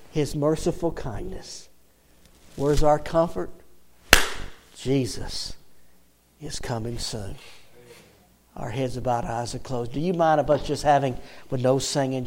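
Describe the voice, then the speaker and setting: Man in his sixties, emotional sermon delivery, loud calls and hushed stories, mid-pitched voice. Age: 60s. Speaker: preacher.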